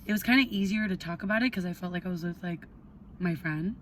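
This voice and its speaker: A young adult woman telling a casual storytime on her vlog, animated, swearing freely and peppering her talk with "like". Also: fairly low pitch, fast, slight background noise. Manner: animated, heavy swearing, lots of "like". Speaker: vlogger.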